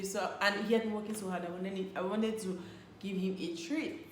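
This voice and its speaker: Young woman, co-host, animated storyteller; roomy echo, faint hum. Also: mid-range voice, fairly quick. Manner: animated, laughs often, acts out quotes. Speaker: co-host of a couples channel. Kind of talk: casual storytelling chat. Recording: echoey room with faint hum.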